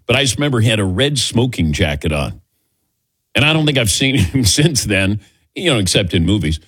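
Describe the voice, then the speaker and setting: A man hosting a sports talk radio show, chatting casually and telling animated stories with quick laughs. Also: lowish voice, breathy edge, no room sound. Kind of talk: casual morning radio banter. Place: radio studio.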